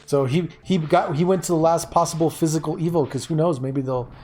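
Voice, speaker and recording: A man's voice: fairly high pitch, fairly even intonation, fairly quick. A man hosting a casual game stream, chatting with a co-host and greeting viewers by name while hunting for words. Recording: faint game music behind.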